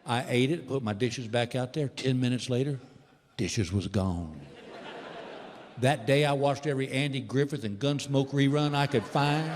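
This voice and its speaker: A man, performing stand-up comedy as an animated storyteller who acts out the voices he quotes. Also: mid-range voice, normal speed. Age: 60s. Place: large indoor theater stage. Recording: live theater reverb with faint ambience.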